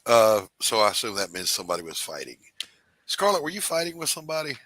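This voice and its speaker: A man's voice: on the low side, sing-song, quick pace, a bit bright, no echo, low-quality recording. A man with a Southern American accent hosting a casual streamed chat show, joking and teasing his guests in wry banter. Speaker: podcast host.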